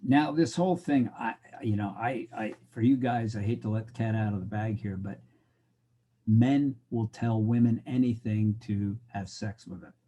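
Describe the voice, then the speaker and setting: A man's voice: on the low side, moderate pace, mellow, dull audio, slight background noise. Wry joking male college lecturer. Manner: joking, wry, talks to the class directly. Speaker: college instructor. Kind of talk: recorded lecture.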